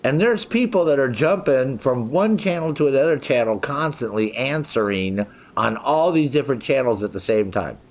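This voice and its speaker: Dude streaming a game, cussing nonstop and cracking up, voice bouncing all over. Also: male voice, mid-range voice, expressive, normal speed, hardly any pauses. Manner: profane, joking, laughs often while chatting with viewers. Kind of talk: casual livestream chat.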